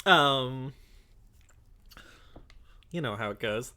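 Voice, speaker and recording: A woman chatting casually as a stream co-commentator, animated and jokey, swearing freely. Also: a bass voice, drawn-out words, a little hiss or hum. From grew up in a Spanish-speaking household. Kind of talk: casual chat. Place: lives in Toronto.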